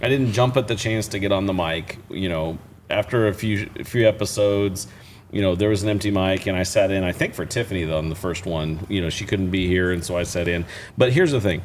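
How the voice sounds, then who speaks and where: A man's voice: sits low, fairly quick, slight background noise. A man co-hosting a casual local podcast, rambling and repeating words with many fillers. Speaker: podcast co-host. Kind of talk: casual chat.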